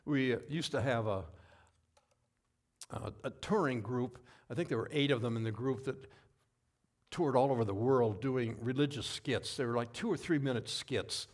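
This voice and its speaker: A man giving a sermon as pastor, telling stories in a relaxed, folksy way with asides and self-corrections. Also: medium pitch, normal speed.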